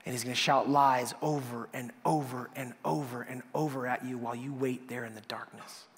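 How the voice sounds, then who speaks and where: A male pastor preaching a sermon, dramatic, swinging from loud declarations to whispers, with a long hall reverb. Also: medium pitch, steady tone, normal speed.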